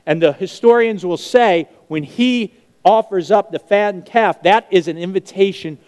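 A man preaching a sermon, telling a parable in an animated way and acting out the characters' lines. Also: high-pitched, normal speed. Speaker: pastor. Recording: long hall reverb.

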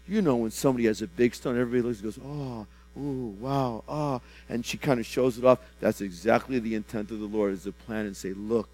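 Fervently repeating himself, a man in prophetic ministry speaks a personal word over someone, veering between loud bursts and soft, low lulls while stumbling into restarts. The recording quality is low.

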